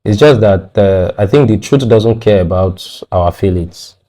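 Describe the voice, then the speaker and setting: A man's voice: fairly low pitch, measured pace, dark tone. A man with a Nigerian accent, a guest on a radio talk show, arguing his views firmly and repeating words when pressed.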